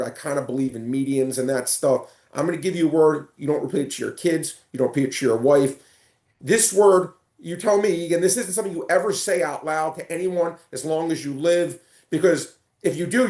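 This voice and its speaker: A man on a casual sports podcast, telling animated stories with lots of stumbling restarts. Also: a little high, brisk, roomy sound. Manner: animated storyteller, stumbling restarts and excited retelling. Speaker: guest.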